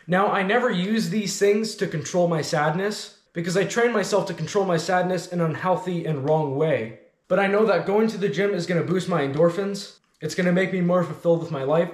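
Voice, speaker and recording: A man's voice: high voice, echoey room. A man hosting a self-improvement channel, giving a blunt, commanding motivational talk full of repeated orders.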